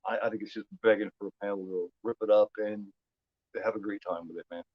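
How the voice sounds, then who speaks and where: A man's voice: fairly low pitch, fairly even intonation, fast talker, no echo, dull audio. A man from Indiana with a Midwestern American accent, hosting a movie watch-along stream in loose casual chat, rambling and repeating his words. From United States.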